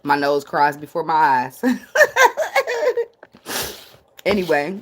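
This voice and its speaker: A woman's voice: on the low side, lively intonation, fairly quick. A woman giving a casual tarot reading, blunt and profane, laughing often and drifting into tangents. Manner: rambling, talks herself into tangents. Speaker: tarot reader.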